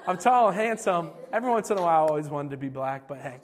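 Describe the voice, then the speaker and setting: A man's voice: fairly high pitch, expressive, fast talker. A man from Pennsylvania preaching a sermon as pastor, earnest and repetitive, with chatty asides. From Pennsylvania, USA. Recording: long hall reverb.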